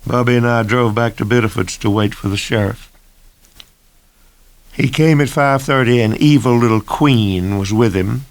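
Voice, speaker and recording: Gravelly man in his sixties narrating. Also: mid-range voice, no room sound. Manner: measured, deliberate first-person reading. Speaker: author reading his own novel. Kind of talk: abridged audiobook narration.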